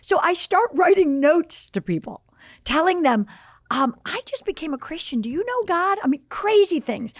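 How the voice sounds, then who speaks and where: A woman's voice: extremely high pitch, moderate pace, dry recording, clean studio sound. A woman in her sixties from the Chicago area, telling a personal story as a podcast guest and acting out the quoted dialogue. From Chicago area, USA. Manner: animated, acts out quoted dialogue.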